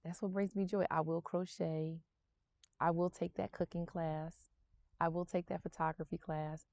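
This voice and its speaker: A woman's voice: lowish voice, little pitch movement, a little slow, creaky, a little mellow, no echo, studio quality. A woman in her fifties, seated outdoors, vlogging encouragement from her faith and repeating affirmations. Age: 50s. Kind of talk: faith-based motivational vlog.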